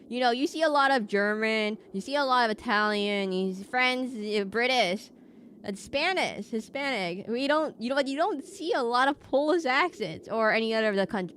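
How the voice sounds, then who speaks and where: A woman's voice: on the high side, fairly bright tone, slight background noise. A woman streaming a video game, chatting in a rambling casual way with many fillers and restarts. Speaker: VTuber streamer.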